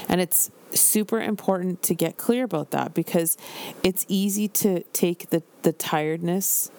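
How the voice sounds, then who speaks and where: A woman's voice: lowish voice, a little mellow, a little hiss or hum. A woman in her forties hosting a casual solo podcast, candid and chatty with lots of "like" fillers. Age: 40s. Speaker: podcast host and business coach.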